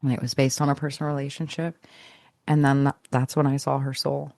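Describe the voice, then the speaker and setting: A woman with a very deep, mellow, gravelly voice tells a personal story as a podcast guest, speaking briskly in a level tone. She restarts phrases and lets them trail off in a reflective, searching way. The recording is dry and close, with no echo.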